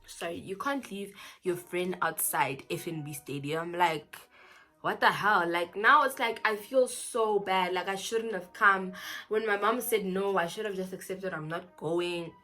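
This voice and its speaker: A young woman with a South African accent telling a storytime vlog in an animated, chatty way, full of "like" fillers. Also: fairly low pitch, unhurried, soft background music. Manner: animated, chatty, heavy use of "like". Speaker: vlogger.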